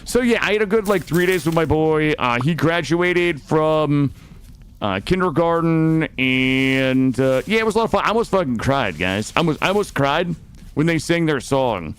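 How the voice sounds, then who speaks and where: A young man streaming a game, chatting casually with viewers, swearing often and swinging between loud remarks and muttering. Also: fairly high pitch, expressive, moderate pace, smooth. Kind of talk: casual gameplay chat with viewers. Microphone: studio microphone.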